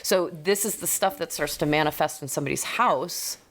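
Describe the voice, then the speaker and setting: Woman, dog trainer, lower voice, emphatic, swears a lot, casual chat. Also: moderate pace. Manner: emphatic, profane, quips.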